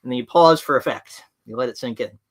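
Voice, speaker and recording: A man's voice: mid-range voice, fast talker. A man presenting a live webinar, speaking frankly and directly to his audience. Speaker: livestream presenter on management.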